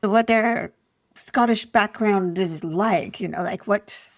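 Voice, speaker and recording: A woman's voice: medium pitch, takes it slowly, no echo, clean studio sound. A woman co-hosting a podcast, telling candid stories in casual chat, giggling often and laughing at herself. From Ireland. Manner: giggly, self-deprecating storyteller. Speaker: podcast co-host.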